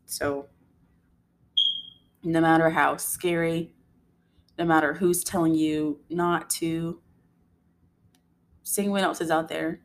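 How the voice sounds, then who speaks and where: A young adult woman, a mother, telling a story in a casual, animated way and acting out what people said. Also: low-pitched, slow pace, long pauses. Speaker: vlogger, mother.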